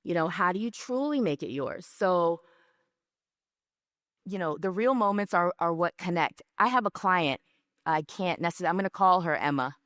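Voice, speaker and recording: A woman speaking at a business session in a lower register, recorded dry with almost no room sound. She talks in a conversational, storytelling way and keeps checking in with her listeners. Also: expressive, normal speed, a bit bright, no room sound. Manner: storytelling, checks in with "right?" and "okay?". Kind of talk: conversational presentation.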